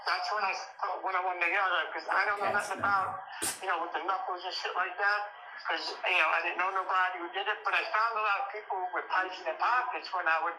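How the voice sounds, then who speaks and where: A man's voice: high voice, quick pace, background noise. A man guest in a casual interview, telling a long story bluntly and profanely, rambling with restarts. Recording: echoey room with music behind.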